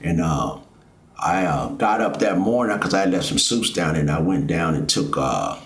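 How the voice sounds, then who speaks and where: Rambling man, low, roomy sound. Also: lively intonation, normal speed. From Fort Worth, Texas. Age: middle-aged. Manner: rambling, with many fillers. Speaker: vlogger. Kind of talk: casual storytelling. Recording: roomy echo.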